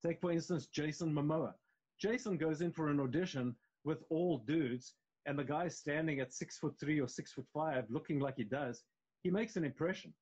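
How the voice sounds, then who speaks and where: A man's voice: fairly high pitch, normal speed, a little mellow, husky. South African man, dull stream audio. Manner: loose and conversational, with many restarts. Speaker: actor guest. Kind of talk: casual interview chat.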